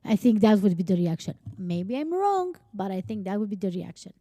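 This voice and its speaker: A young woman from Romania, hosting a podcast and telling a personal story in a chatty, animated way, full of "like" fillers and casual swearing. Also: mid-range voice, a little fast, dry recording. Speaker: podcast host.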